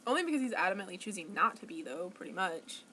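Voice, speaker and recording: A woman's voice: mid-range voice, sing-song, fast, noisy background. A young woman talking to camera at home in a rambling, self-conscious way, full of restarts and fillers. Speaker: vlogger. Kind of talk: casual monologue to camera.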